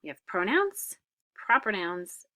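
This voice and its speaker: A woman's voice: mid-range voice, big pitch swings, takes it slowly, sharp tone. A woman French teacher explaining grammar in a recorded lesson, patient, with frequent "uh" fillers and whispered examples.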